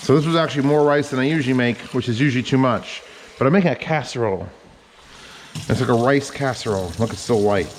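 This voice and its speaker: A man talks through his cooking in a home kitchen, rambling from one aside to the next and swearing casually. His voice sits at a middling pitch. A faint hiss runs under the recording. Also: fast, long reverb tail. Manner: rambling, profane, chatty asides. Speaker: home cook vlogger.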